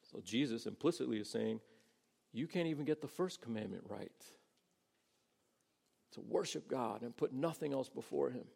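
A man's voice: mid-range voice, moderate pace, creaky, pauses often, a little mellow, slightly rough. A man preaching a sermon in a casual, conversational way, acting out the people he quotes. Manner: conversational, acts out quoted voices. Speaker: pastor.

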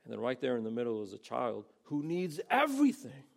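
A man's voice: mid-range voice, wildly swooping pitch, a little fast, vocal fry. A man preaching a sermon in a casual, conversational way, acting out the people he quotes. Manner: conversational, acts out quoted voices. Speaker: pastor.

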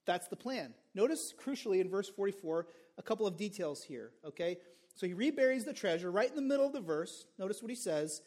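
A male pastor preaching a sermon in an animated, conversational way. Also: sits high, fairly quick. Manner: animated, conversational, acts out characters.

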